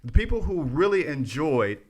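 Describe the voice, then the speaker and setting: A man's voice: fairly high pitch, big pitch swings, normal speed, darkish tone. A man co-hosting a podcast, ranting in casual chat, restarting phrases and talking straight to his listeners. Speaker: podcast co-host.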